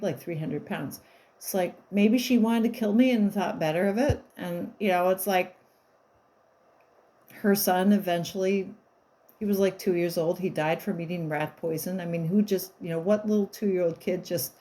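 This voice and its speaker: A woman's voice: medium pitch, unhurried, dark tone, rough recording. A woman in her fifties telling stories in a casual monologue, rambling, wry and blunt, with the odd swear.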